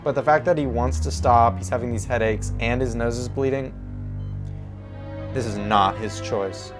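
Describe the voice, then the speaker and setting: A man hosting a reaction video, talking excitedly back at the characters on screen. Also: mid-range voice, normal speed, music in the background. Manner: animated, exclaims and talks to the characters.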